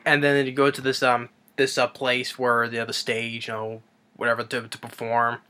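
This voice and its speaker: A man's voice: medium pitch, monotone, normal speed, sharp tone. A man casually recapping a movie in a rambling way, with lots of ums and restarts. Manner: rambling, with many fillers and restarts. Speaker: movie reviewer.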